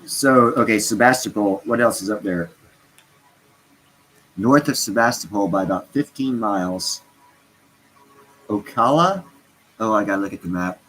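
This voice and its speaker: A man's voice: on the low side, unhurried, long pauses, fairly bright tone, low-quality recording. A stoned man chatting casually on a livestream, rambling and interrupting himself as he talks to his viewers. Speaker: crypto vlogger.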